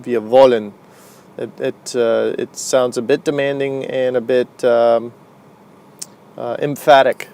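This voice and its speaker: Slow-talking man teaching a language. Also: mid-range voice, darkish tone. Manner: slow, unhurried explaining with many fillers. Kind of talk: casual video lesson.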